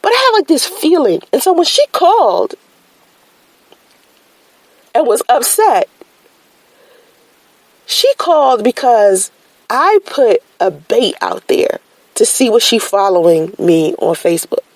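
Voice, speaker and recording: A woman telling a personal story in a casual, slangy way, jumping up high when she acts out her own shocked reactions. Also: slow, long pauses, no echo, low-quality recording. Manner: animated, slangy storytelling with sudden high-pitched exclamations.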